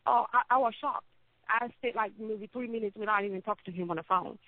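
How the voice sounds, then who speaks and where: A woman telling her own story as an interview guest, halting and often repeating words as she speaks. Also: mid-range voice, no echo. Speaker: interview guest, cancer survivor. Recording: tinny phone-like line, dry.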